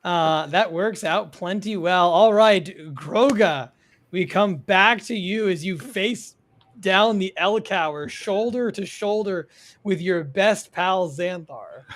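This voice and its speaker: A game master narrating a tabletop fantasy game in a measured, descriptive way, with frequent pauses. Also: mid-range voice. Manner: descriptive, measured, pausing often.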